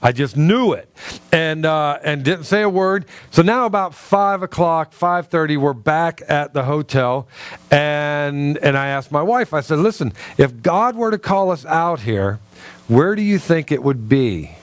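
A man, a pastor, telling a personal story in a sermon with relaxed humor, dropping his voice low when he quotes what he heard. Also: unhurried, no room sound. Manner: conversational, self-deprecating humor, acts out quotes in a lower voice.

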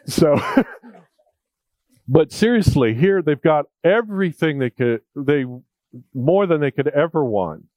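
A man's voice: a little high, expressive, slow, long pauses, no echo, dull audio. Conversational male preacher, dry sound. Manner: conversational, jokey, with emphatic repetition. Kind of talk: sermon.

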